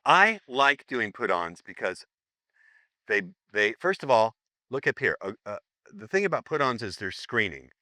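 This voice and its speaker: A man's voice: mid-range voice, very animated, moderate pace, sharp tone, dry recording. A man teaching a live seminar, joking and rambling as he acts out sample lines for the room. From United States.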